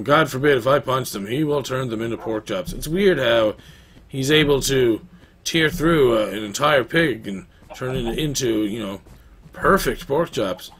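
A man's voice: mid-range voice, fairly bright tone. A young man giving rambling, casual commentary while playing a game, talking to the dog in it. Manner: chatty, rambling, talks to his dog. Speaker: gaming YouTuber. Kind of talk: casual let's-play commentary.

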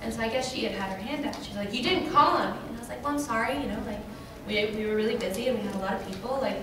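A woman telling a lively story at a convention Q&A panel, acting out the voices of the people in it and laughing often. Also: racing. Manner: animated, acts out quotes in high voices, laughs often. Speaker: panel guest. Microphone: recorded by a camera in the audience. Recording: roomy hall from far off with crowd noise. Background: audience ambience.

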